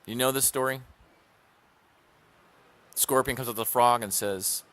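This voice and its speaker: A man's voice: mid-range voice, fairly even intonation, unhurried, pauses often, a bit bright. A man hosting a talk show, giving an emphatic opinion monologue that tells stories and repeats key phrases for punch.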